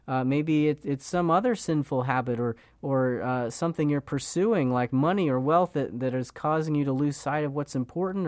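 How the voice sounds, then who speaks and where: A man's voice: fairly high pitch, no room sound, studio quality. A man delivering an earnest sermon, often repeating words and using fillers as he speaks. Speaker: preacher.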